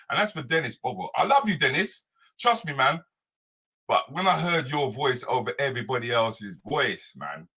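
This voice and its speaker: Man, live show host, lively swinging pitch, bright. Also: slightly rough. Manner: animated, playful, repetitive banter. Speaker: comedian hosting a live morning show. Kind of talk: live morning chat show, reading viewer comments.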